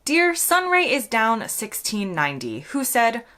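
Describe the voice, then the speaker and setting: A croaky-voiced American woman works through the comments on her videos. She answers each one with dry, mock-sincere sarcasm. Her pitch rises and falls in lively swoops. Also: unhurried. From United States. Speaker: vlogger.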